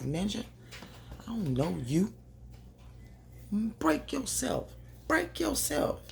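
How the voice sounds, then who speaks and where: A woman doing a casual, animated recap of a TV episode, talking straight to her viewers and laughing often. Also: a bass voice, vocal fry, slight background noise. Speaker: TV recap vlogger. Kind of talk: casual chatty show recap.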